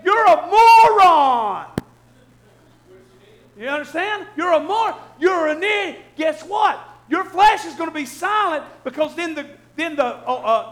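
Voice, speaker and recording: Pastor, sermon. High, bright voice; bursts into shouts, then soft asides, stumbles and repeats. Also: male voice. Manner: shifts between loud shouting and soft low asides, repeats and restarts. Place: church hall with congregation.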